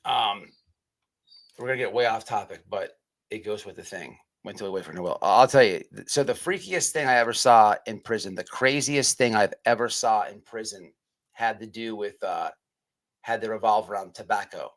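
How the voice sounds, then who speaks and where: A man's voice: on the low side, normal speed, fairly bright tone, poor audio. A man telling a rambling, profanity-laced story to his livestream audience as the show's host. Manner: rambling, repeats himself, swears often. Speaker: podcast host.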